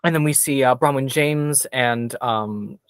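A man's voice: medium pitch, measured pace, clean tone, dry recording. A man chatting casually as a podcast guest, enthusiastic and rambling with fillers. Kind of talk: casual chat.

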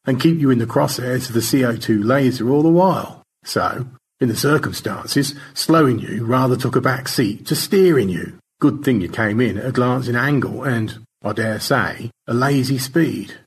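A man's voice: mid-range voice, moderate pace, slightly rough, pitched above the performer's own voice. A man voicing Stanley, a dry-witted space rescuer who teases in easy banter. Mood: teasing.

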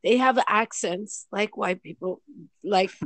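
A woman's voice: mid-range voice, slow, dry recording. Woman co-host, chatty storyteller, dry close studio sound. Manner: animated storyteller, lively acted quotes. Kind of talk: casual chat, storytelling.

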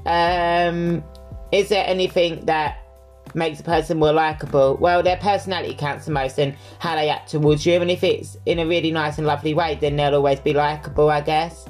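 Male podcast host, candid casual Q&A, lots of fillers, soft music underneath. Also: fairly high pitch, level tone, normal speed. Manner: candid and chatty, with frequent fillers. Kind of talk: casual solo Q&A chat.

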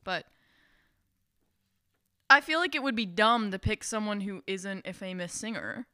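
A young woman co-hosting a podcast, relaxed and offhand, laughing easily. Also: mid-range voice, a little slow, no room sound, clean studio sound. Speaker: podcast co-host. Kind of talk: casual chat.

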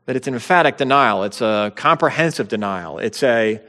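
A man's voice: medium pitch, animated, normal speed, fairly bright tone. A man preaching a sermon, conversational teaching with bursts of dramatic quotation. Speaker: pastor. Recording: long hall reverb.

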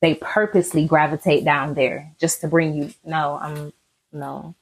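A woman guest on a podcast, talking in a relaxed, laid-back way. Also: low-pitched, a little slow, slightly rough, rough recording. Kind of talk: casual chat interview.

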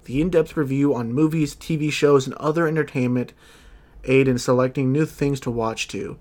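A man's voice: medium pitch, fairly even intonation, moderate pace, a little mellow. A young man hosting a podcast in casual, profane chat, often stumbling over his words and laughing. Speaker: podcast host.

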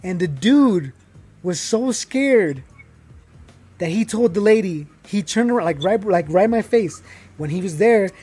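Casting note: young man, high husky voice, animated storyteller who acts out quotes. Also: measured pace, soft background music. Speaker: guest telling his story. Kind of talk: casual storytelling.

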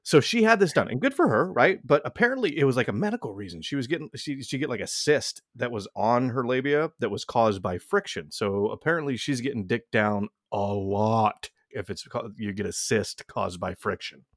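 A man's voice: mid-range voice, animated, moderate pace, hardly any pauses, no echo. Profane rambling young man, dry sound. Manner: rambling, profane, many restarts. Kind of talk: casual crude banter.

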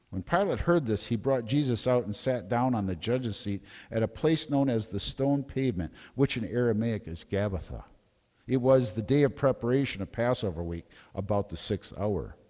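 A man as pastor reading a scripture passage, raising his voice for the crowd's shouts. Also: mid-range voice, lively intonation, normal speed, big-room sound. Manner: dramatic, raising voice for crowd lines.

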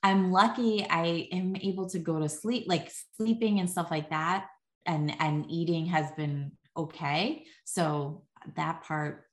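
A woman's voice: fairly low pitch, takes it slowly. Chatty woman, roomy echo. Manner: chatty, many "like" fillers, laughs lightly. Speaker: podcast guest. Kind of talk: casual conversation. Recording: echoey room.

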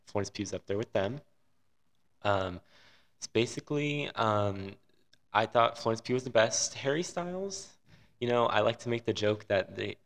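Guy on a movie podcast, kinda low voice, rambles through his take. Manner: rambling, enthusiastic opinions. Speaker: podcast co-host. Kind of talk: casual film review chat.

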